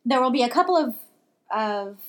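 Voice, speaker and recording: A woman hosting a casual book podcast with a high voice. She talks in a chatty, rambling way, stopping and restarting her thoughts as she goes. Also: lively intonation, normal speed. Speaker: podcast co-host. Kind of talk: casual chat.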